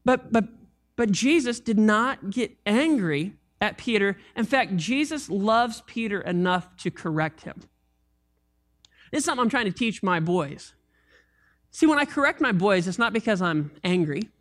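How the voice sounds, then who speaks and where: Speaking in a high-pitched voice at a measured pace, this male pastor delivers his sermon in a lively, chatty way. He throws in jokes and side remarks aimed at the congregation.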